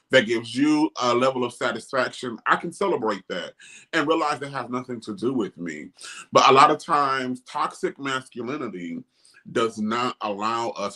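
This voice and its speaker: A middle-aged man hosting a casual talk show, speaking emphatically and animatedly. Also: medium pitch. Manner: animated, emphatic, quotes others in mocking voices. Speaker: host. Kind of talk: casual discussion.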